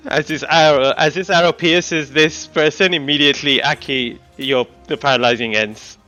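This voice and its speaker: A man running a tabletop game, describing the action in an animated way. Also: on the high side, normal speed, faint music behind.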